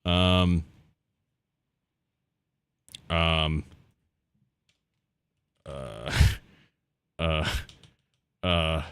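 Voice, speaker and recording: A man's voice: lowish voice, big pitch swings, unhurried, long pauses, fairly bright tone, slightly rough. A man streaming casual reactions to game trailers, swearing often and exclaiming in surprise. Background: game trailer audio and music.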